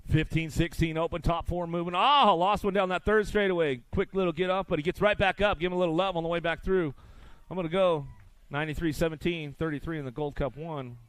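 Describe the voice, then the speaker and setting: A man calling a live race, running through riders' names in quick play-by-play and tossing in joking asides. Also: on the high side, steady tone, a bit bright, clear, resonant tone, no echo. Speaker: race announcer. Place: outdoor race track.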